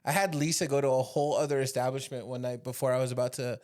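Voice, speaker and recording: A man hosting a podcast in casual chat, joking and teasing, quick to laugh. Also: mid-range voice, steady tone, a little mellow. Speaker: podcast host.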